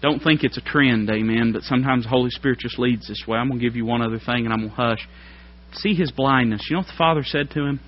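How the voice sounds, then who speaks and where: A man preaching a sermon, folksy and plain-spoken, climbing to loud emphatic peaks. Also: medium pitch, fast. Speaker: pastor. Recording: dull lo-fi sermon recording.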